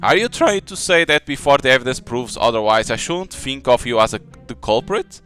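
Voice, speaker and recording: A man's voice: medium pitch, lively intonation, a little fast, fairly bright tone, faint music behind, lightly acted. A man voicing a stern young male prosecutor in a mystery game, firm and questioning.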